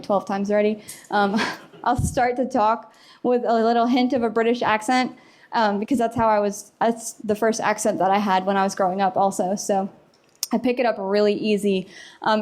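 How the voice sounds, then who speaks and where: Woman, young adult, fairly high pitch, casual, chatty, conference talk. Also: darkish tone. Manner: casual, chatty, laughs often. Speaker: conference speaker. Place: conference hall.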